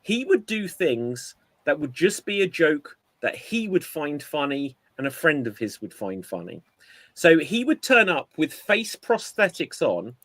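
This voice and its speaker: A man co-hosting a casual podcast chat, telling an animated story and acting out quotes. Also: fairly high pitch, dry recording. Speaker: podcast co-host.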